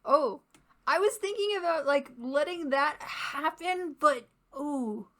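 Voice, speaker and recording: A woman's voice: high-pitched, lively intonation, slow pace, a bit bright. A young adult woman hosting a gaming channel, giving casual, rambling let's-play commentary and laughing often.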